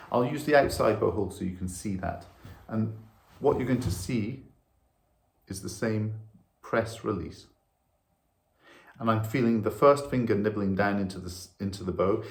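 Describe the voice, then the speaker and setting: A man teaching violin, patiently explaining bow technique step by step while demonstrating. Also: on the low side. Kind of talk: instructional lesson. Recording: echoey room with violin.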